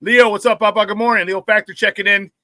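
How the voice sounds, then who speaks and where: A man's voice: high-pitched, fairly even intonation, fast talker, pushed and bright, no room sound. A man hosting a casual sports talk show, brash and profane, trash-talking rivals and laughing often between remarks.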